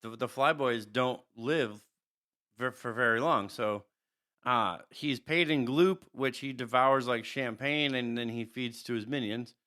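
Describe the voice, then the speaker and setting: Man, podcast co-host, bright tone, smooth clear voice, rambling casual chat. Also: mid-range voice, unhurried. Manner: rambling, chuckles often, restarts. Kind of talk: casual chat describing characters.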